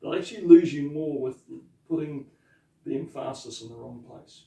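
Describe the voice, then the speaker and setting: A man, a pastor teaching te reo Māori in a chatty lesson, with laughing asides and slow repeated words to drill pronunciation. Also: mid-range voice, creaky, dark tone, recorded from a distance. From New Zealand. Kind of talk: informal language lesson. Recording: echoey room, voice off mic.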